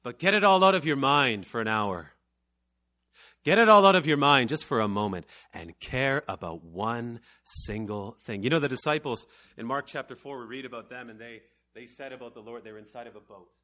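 A man preaching an evangelical sermon to a room of young and older listeners, swinging from slow, quiet lines to loud, emphatic ones. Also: medium pitch, animated.

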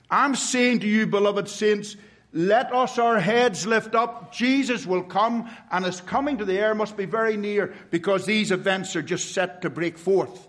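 A man preaching a sermon to a congregation, stressing words slowly and asking rhetorical questions. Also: sits high, fairly bright tone. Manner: emphatic, with slow drawn-out stresses and rhetorical questions.

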